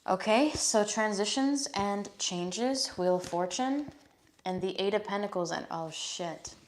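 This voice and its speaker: A woman's voice: mid-range voice, a little slow. A young woman giving a casual live-stream tarot reading, chatty and frank, often swearing and checking in with "okay?". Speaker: tarot reader.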